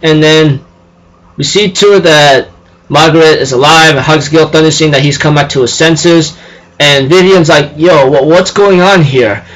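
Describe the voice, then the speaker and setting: A man's voice: fairly high pitch, moderate pace, a bit bright, poor audio. A man casually recapping an anime episode, rambling with lots of fillers and repeated phrases. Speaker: anime reviewer.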